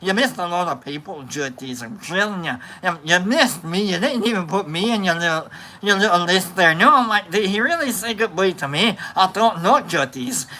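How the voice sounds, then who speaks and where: A man's voice: sits high, expressive, moderate pace, bright, forceful tone, poor audio. A man hosting a livestream, reading out and greeting viewer comments in a rambling, playful chat full of fillers and restarts. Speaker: livestream host.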